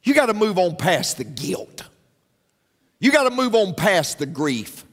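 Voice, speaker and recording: A man's voice: sits high, very animated, unhurried, fairly bright tone, big-room sound. A male pastor preaching a sermon in an emphatic style, repeating his phrases and speaking straight to the congregation. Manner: emphatic, repetitive preaching with frequent asides to the congregation.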